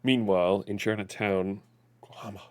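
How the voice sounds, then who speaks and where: A man doing live gameplay commentary as a streamer. He talks in a chatty, animated way and often corrects himself. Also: lowish voice, moderate pace.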